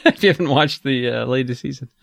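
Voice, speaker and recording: A man's voice: medium pitch, quick pace, vocal fry, dry recording. Chuckling male podcast co-host. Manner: chuckles often, reads aloud with asides. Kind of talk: casual chat reading listener email.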